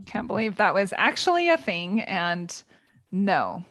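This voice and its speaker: A woman's voice: medium pitch, sing-song, a little slow, a bit bright, no room sound, studio quality. A woman hosting a podcast conversation, affirming her guest often and laughing along with her. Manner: supportive listener, frequent affirmations, laughs along. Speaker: podcast host.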